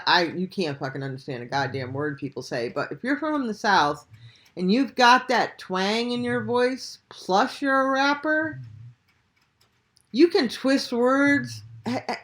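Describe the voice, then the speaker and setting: A woman reacting to a clip in casual commentary. She speaks at an unhurried, drawn-out pace. Her talk is blunt and profane, full of rhetorical questions. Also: a little high. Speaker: reaction channel host.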